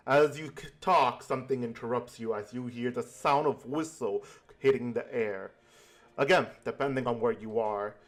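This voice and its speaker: A man narrating a tabletop game as game master in slow, halting sentences. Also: mid-range voice.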